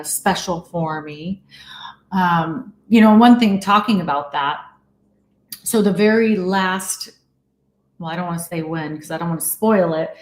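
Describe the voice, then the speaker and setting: A woman actress as an interview guest, chatting casually and telling lively stories. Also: lowish voice. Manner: animated storyteller, acts out quotes. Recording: roomy echo.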